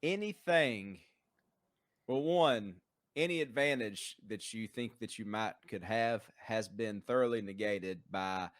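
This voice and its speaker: A man's voice: fairly low pitch, slow, dry recording, clean studio sound. A man speaking as a guest on a casual podcast who rants emphatically about gambling. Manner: emphatic, ranting. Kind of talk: casual chat.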